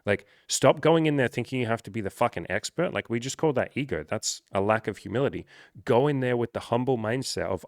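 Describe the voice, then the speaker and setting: A man's voice: mid-range voice, animated, brisk, dry recording, studio quality. A man talking as a dating coach in casual, unscripted chat, blunt, swearing freely and poking fun at himself.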